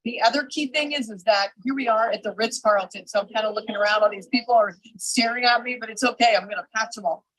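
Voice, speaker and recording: A woman recording a motivational pep talk in a resort hotel, emphatic and energetic, repeating herself for push. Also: on the high side, fast talker, hardly any pauses, no room sound, low-quality recording. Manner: energetic, emphatic, repeats "I'm telling you". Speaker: network marketing team leader. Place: public area of a resort hotel.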